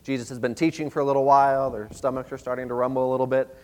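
A man's voice: medium pitch, level tone, very fast, a little mellow. A man preaching a sermon in a conversational way, often asking the listeners questions. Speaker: pastor. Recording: long reverb of a large hall.

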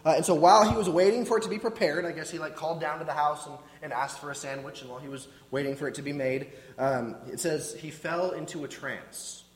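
A man's voice: on the high side, fast talker, few pauses. A man preaching a conversational sermon with casual asides, often restarting his words. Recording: echoey hall with long reverb.

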